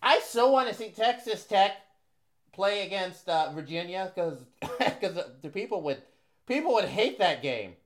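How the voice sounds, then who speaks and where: A man's voice: high-pitched, big pitch swings, unhurried. A man co-hosting a casual sports talk show, teasing and laughing often. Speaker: podcast co-host.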